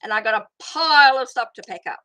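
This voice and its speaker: A woman's voice: a little high, expressive, quick pace, pushed and bright. A middle-aged woman hosting a casual live tarot stream, rambling as she greets viewers and answers their comments. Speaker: tarot reader hosting a livestream.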